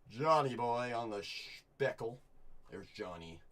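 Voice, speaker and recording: A man hosting a live card break, chatting with viewers and calling out each pull with bursts of excitement. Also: fairly low pitch, moderate pace. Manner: upbeat, chatty, reads chat and calls out pulls with bursts of excitement.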